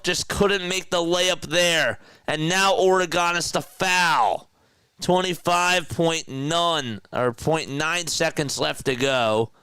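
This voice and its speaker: A man's voice: a little high, bright, forceful tone, clear, resonant tone, no room sound. A young man from South Jersey with a South Jersey accent, calling live basketball play-by-play in a chatty way, laughing at his own asides. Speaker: play-by-play commentator.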